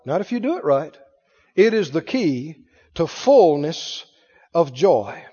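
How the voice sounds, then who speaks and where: High-pitched preacher guy, voice swooping all over, fervent call and response, long church echo. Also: sing-song, slow, warm tone, breathy edge, dull audio. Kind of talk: sermon.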